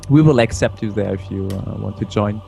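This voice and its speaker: Young German-accented man, interview guest; low mellow voice, halting delivery, faint music underneath. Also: gravelly. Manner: hesitant, halting, laughs often. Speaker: interview guest, esports caster. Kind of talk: casual interview chat.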